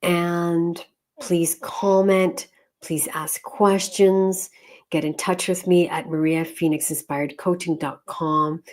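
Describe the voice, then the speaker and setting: A woman in her fifties with a somewhat low voice talks straight to parents. She sounds like an experienced school counsellor, earnest and encouraging as she gives practical advice. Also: flat delivery, slow, darkish tone. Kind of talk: direct-to-camera advice talk.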